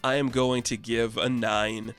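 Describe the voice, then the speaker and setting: A man's voice: mid-range voice, little pitch movement, measured pace, a bit bright, smooth, faint music behind. A man giving a casual, enthusiastic comic book review, chatty and full of "like". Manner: chatty, enthusiastic, says "like" often.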